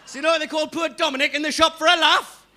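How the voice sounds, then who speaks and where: A young Geordie man doing stand-up on a club stage, punchy, shouting his punchlines and talking straight to the crowd. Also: very high voice, level tone, racing, slight background noise. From England. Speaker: stand-up comedian. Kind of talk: stand-up comedy set.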